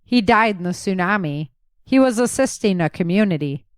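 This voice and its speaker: Woman doing a wisecracking little soldier guy, quick comebacks, dry close voice. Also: medium pitch, expressive, clean tone, no room sound, close to an everyday voice. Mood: plain. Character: smaller wisecracking male soldier.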